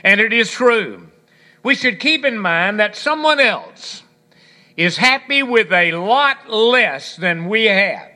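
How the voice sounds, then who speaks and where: A man's voice: high-pitched, big pitch swings, slow pace, sharp tone. A man preaching a sermon on gratitude, folksy and storytelling, with scripture and a bit of humor. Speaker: pastor.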